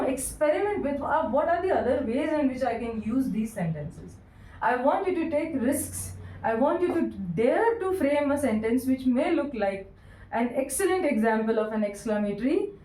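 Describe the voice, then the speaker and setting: A woman with an Indian English accent teaching English grammar in a recorded lecture, encouraging her students and dictating answers slowly with repeats. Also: high-pitched, a little mellow, recorded from a distance. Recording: roomy echo, voice from away from the mic.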